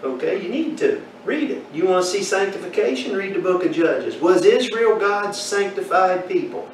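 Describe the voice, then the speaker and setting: Male Bible teacher, high voice, questions the class, recorded far off in an echoey room. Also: lively intonation, moderate pace, a little hiss or hum. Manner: asks the class questions, folksy storytelling.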